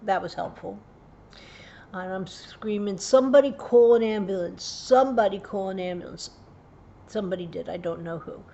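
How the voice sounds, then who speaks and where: Woman, earnest storyteller, mid pitch, dull lo-fi sound, faint hiss. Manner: earnest, vivid retelling with hushed low passages. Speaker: parenting tips host. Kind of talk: personal story told to camera.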